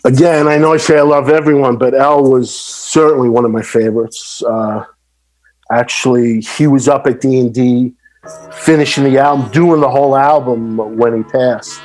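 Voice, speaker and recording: A man's voice: medium pitch, normal speed, faint music behind. A middle-aged man, a podcast guest, telling stories in casual chat and animatedly acting out the people he quotes. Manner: animated, acts out quoted voices. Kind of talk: casual storytelling.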